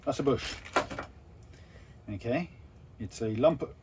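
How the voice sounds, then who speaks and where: A man calmly explaining engine parts in a casual, practical way aboard a narrowboat. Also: medium pitch, slow pace, slightly rough. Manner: matter-of-fact, practical. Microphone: phone camera.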